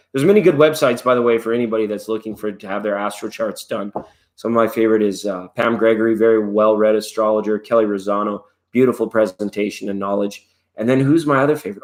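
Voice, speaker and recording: Rambling, playful male tarot reader. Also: fairly low pitch. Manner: loose and playful, drifts into jokes and snatches of song. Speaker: tarot reader hosting a live stream. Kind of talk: casual rambling live-stream chat.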